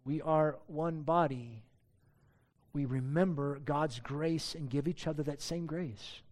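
A man's voice: on the high side, slow pace, a little mellow. A pastor preaching a sermon to his church, earnest and emphatic, asking many rhetorical questions.

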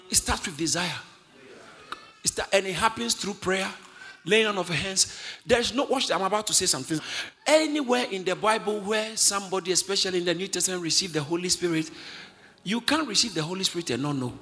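A male preacher delivering an emphatic sermon, often shouting and getting the congregation to repeat lines. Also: high-pitched. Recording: long hall reverb.

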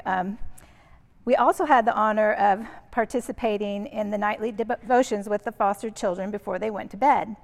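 A woman earnestly recounting a church mission trip with gentle humor and frequent "um"s, in a church hall. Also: mid-range voice, gravelly. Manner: earnest, warm-humored, uses fillers like um and kinda. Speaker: mission trip member sharing stories. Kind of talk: casual storytelling. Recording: reverberant hall.

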